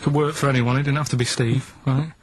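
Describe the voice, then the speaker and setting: A man's voice: mid-range voice, fairly even intonation, fast, a little hiss or hum, rough recording. A man in a comic radio chat who explains quiz clues at length and keeps checking with "right?". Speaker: regular radio contributor setting quiz clues.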